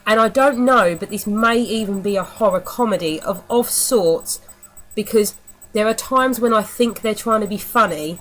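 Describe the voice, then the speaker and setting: A woman's voice: mid-range voice, normal speed, fairly bright tone, poor audio. Woman, young adult, casual video review, blunt, mocking, rambling. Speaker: horror film reviewer.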